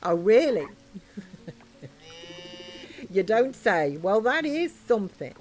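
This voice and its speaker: A woman voicing a gentle, folksy old male rancher in a farming game. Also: mid-range voice, animated, normal speed, close to an everyday voice.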